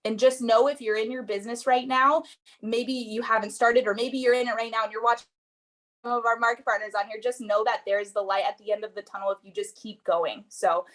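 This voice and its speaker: A woman's voice: on the high side, steady tone, brisk, a bit bright. A young woman giving an earnest, rambling motivational talk on a group call, full of fillers. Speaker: network marketing seller.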